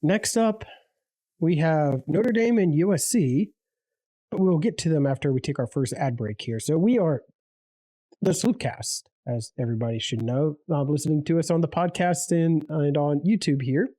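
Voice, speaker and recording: Easygoing guy on a sports podcast, mellow dark voice, stumbles and repeats himself, dry close mic. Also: fairly high pitch, dry recording. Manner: halting, repeats words, easygoing. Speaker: podcast co-host. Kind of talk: casual sports picks chat.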